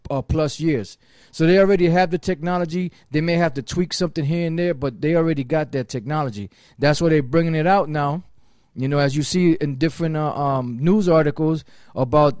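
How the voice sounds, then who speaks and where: A man's voice: a little high, a little mellow, no room sound, studio quality. A man preaching and teaching emphatically, reading scripture aloud as he explains it. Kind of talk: sermon-style teaching.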